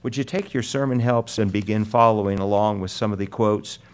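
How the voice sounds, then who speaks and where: A man preaching a sermon, explaining a Bible verse earnestly with repeated words and slow emphatic phrases. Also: on the low side. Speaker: pastor.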